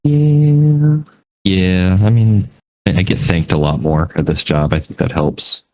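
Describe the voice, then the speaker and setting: A man's voice: deep voice, measured pace, mellow, a little hiss or hum, low-quality recording. A man co-hosting a podcast, chatting casually in a rambling, self-deprecating way with frequent laughs. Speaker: podcast co-host. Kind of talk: casual chat.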